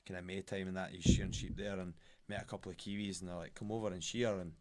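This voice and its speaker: A young man with a Scottish accent, talking in a loose, rambling way. His voice sits low for a man. A faint hiss runs under the recording. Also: level tone, fast. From Scotland. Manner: rambling storyteller, broad colloquial talk. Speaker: guest, fighter. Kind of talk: casual podcast chat.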